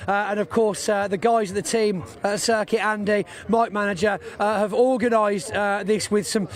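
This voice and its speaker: A man's voice: high-pitched, fairly even intonation. A man presenting live while walking around an outdoor race circuit, chatting and joking with guests. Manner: chatty, jokey, quick asides. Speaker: trackside presenter.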